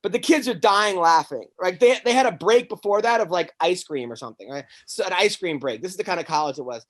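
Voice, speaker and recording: A stand-up comic hosting a podcast tells a long, wandering story in casual conversation. He's animated and foul-mouthed, with a high voice and quick delivery, and he keeps stammering and starting his sentences over.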